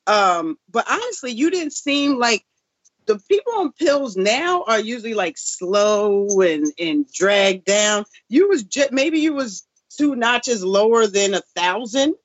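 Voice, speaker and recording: Blunt lively woman guest, husky voice, goes way up and down, dull dry audio. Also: fairly high pitch, measured pace, no room sound. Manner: lively, blunt, nonstandard grammar. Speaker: guest, former contestant. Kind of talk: casual chat.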